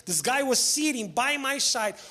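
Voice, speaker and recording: A man doing stand-up, animated and acting out quick voices on a club stage. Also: very high voice. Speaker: stand-up comedian. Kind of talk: stand-up comedy set. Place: comedy club stage with audience.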